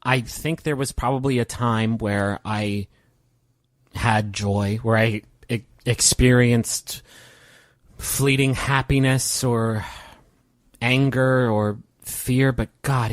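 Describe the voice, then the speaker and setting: Brooding, bleak immortal voiced by a man, slow and musing, dry close sound. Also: medium pitch, steady tone, no echo, lightly acted. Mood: despairing. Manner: slow, musing monologue with halting restarts. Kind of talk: in-character role-play.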